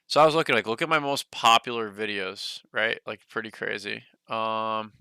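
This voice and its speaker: A man's voice: lowish voice, steady tone, moderate pace, vocal fry, sharp tone, clean tone, dry recording. A young man hosting a casual stock livestream, rambling loosely with lots of "like" and "you know", a bit short of breath.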